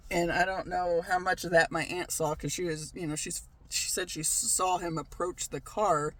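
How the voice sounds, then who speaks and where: A man's voice: high voice, steady tone, normal speed, fairly bright tone. A man telling a story in a casual vlog, ranting, swearing freely and laughing often. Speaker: vlogger.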